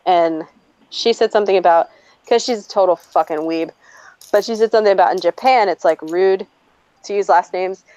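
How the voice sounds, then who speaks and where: A woman co-hosting a podcast, telling a story in a casual, animated way with plenty of swearing and acted-out quotes. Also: mid-range voice, no echo, dull audio. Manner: animated, profane, quick to act out quotes. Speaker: podcast co-host.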